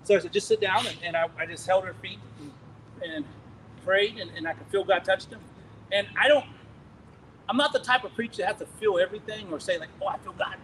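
A man preaching, telling a testimony in an animated, rambling way with laughs and restarts. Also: sits high, fairly quick, slight background noise, rough recording. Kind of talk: sermon testimony storytelling.

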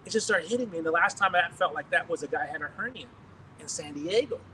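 An American pastor with a high voice tells animated stories in a sermon testimony, talking fast, chuckling and restarting phrases. He sounds slightly distant from the microphone, with faint background noise beneath his words.

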